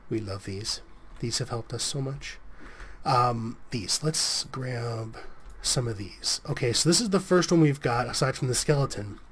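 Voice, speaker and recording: A man giving casual, rambling gameplay commentary as a let's play host, a bit sniffly with a cold coming on. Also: mid-range voice. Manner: rambling, self-correcting, chatty.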